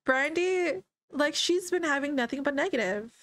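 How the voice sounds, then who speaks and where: A woman's voice: high-pitched, animated, normal speed, a bit bright, no room sound, pitched above the performer's own voice. Woman voicing a stunned, stammering young husband. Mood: disbelieving. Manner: stammering, incredulous questions.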